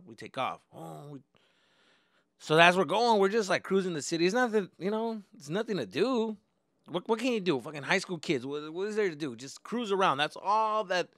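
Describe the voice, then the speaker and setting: A man's voice: on the high side, creaky, no room sound, studio quality. A young man from Arizona hosting a podcast, telling a story in a loose, slangy, profane way and acting out what people said. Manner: animated, slangy and profane, acts out quoted dialogue. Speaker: podcast host. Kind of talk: casual storytelling.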